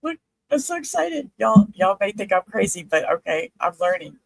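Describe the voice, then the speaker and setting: Gravelly, husky woman chatting live. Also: medium pitch, low-quality recording. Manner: chatty, halting, excitable. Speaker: livestream host. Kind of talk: casual livestream chat.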